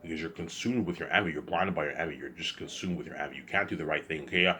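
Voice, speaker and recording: Guy with a really low voice going off on a repetitive accusing rant into his camera. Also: fast talker, sharp tone. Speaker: vlogger. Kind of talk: ranting monologue to camera.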